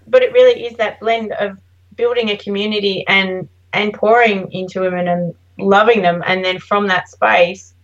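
A woman's voice: medium pitch, steady tone, normal speed. Chatty Australian woman, dull lo-fi sound. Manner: chatty, anecdotal, acts out quoted voices. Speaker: guest, branding designer. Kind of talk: casual podcast chat, storytelling.

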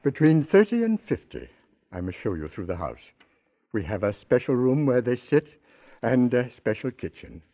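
Earnest charity house owner, genteel, husky, sounds like a tinny old radio. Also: male voice, medium pitch, sing-song, normal speed. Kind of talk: 1940s radio acting.

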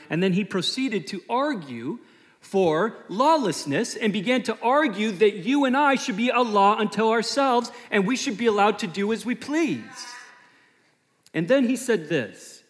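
A man in his thirties preaching a sermon as a pastor, emphatic and animated, often repeating himself. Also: high-pitched. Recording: long hall reverb.

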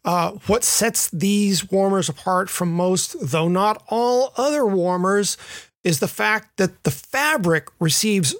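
A man's voice: sits high, dry recording, clean studio sound. Hesitant man co-hosting a cycling podcast. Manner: hesitant, self-deprecating, product pick delivery. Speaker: podcast co-host. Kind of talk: casual chat.

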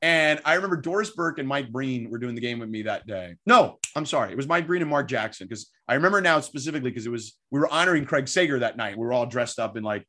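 A man's voice: medium pitch, fast talker, hardly any pauses. A man in his forties, a sports broadcaster, telling stories in a casual, rambling interview with lots of fillers. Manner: animated, rambling storyteller with frequent fillers.

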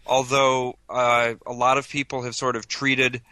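This is a man with a bright, forward voice, talking through tabletop game rules on a podcast. The recording is close and dry with no room to it, and he keeps a chatty, amused tone. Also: mid-range voice, flat delivery, a little slow, no room sound, poor audio. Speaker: podcast co-host presenting a segment. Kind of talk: casual tabletop gaming discussion.

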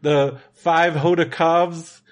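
A man's voice: fairly high pitch, level tone, takes it slowly. Rambling, chatty man. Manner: rambling, lots of "like" and restarts. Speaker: podcast co-host. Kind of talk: casual chat.

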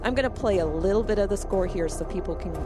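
A woman's voice: medium pitch, quick pace, music in the background. A woman co-hosting a casual film review chat, talking in a chatty way with frequent laughs and restarts. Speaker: podcast co-host.

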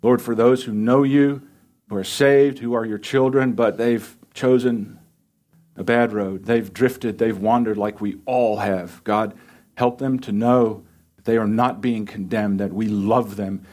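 A man's voice: fairly low pitch, steady tone, measured pace, darkish tone. A male pastor preaching an earnest, pleading sermon and closing it in prayer.

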